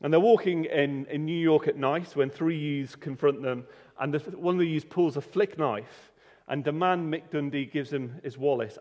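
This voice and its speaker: A man's voice: fairly high pitch, a little mellow. A man preaching a sermon in a conversational way, often restarting and repeating words. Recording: reverberant hall.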